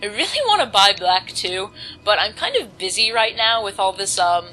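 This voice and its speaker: Playing a video game at home with the volume kept down, a teen girl offers rambling, filler-heavy commentary in a medium-pitched, sharp voice with lively intonation at a normal speed. The rough recording carries a little hiss or hum.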